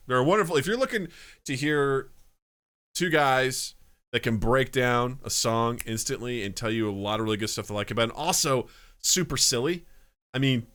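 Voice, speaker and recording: A man's voice: mid-range voice, fairly bright tone, smooth. A man co-hosting a casual podcast, upbeat as he plugs other shows and the podcast's channels. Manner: upbeat, plugging shows and socials. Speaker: podcast co-host.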